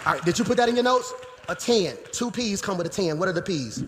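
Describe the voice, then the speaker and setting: A pastor in his forties preaching a sermon in a church sanctuary, moving between quiet teaching and shouted emphasis. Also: sits high, expressive, fast, a faint crowd. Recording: live church hall reverb, faint noise.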